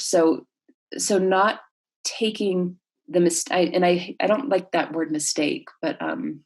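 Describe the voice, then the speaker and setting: Explaining what she does as a counselor, a woman speaks in a conversational interview with a lowish, darkish voice. Her delivery is reflective and hesitant, dotted with fillers and false starts.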